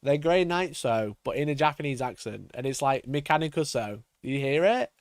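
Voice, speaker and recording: Loud swearing male streamer, dry mic. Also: mid-range voice, moderate pace, dry recording. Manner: loud, mocking, swearing, bursts of laughter. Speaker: streamer reacting to a video. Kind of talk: live reaction commentary.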